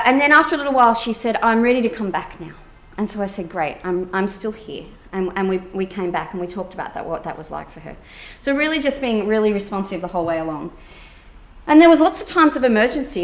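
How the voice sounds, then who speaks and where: Animated woman telling a therapy story. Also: mid-range voice. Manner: animated, acts out quoted dialogue, many fillers. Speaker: therapist and keynote speaker. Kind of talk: conference keynote talk, personal storytelling.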